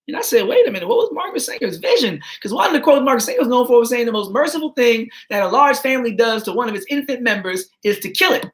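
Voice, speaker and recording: A woman hosting her channel, reading documents aloud with animated asides. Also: fairly high pitch. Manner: animated, slows down for quotes, playful asides. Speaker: channel host.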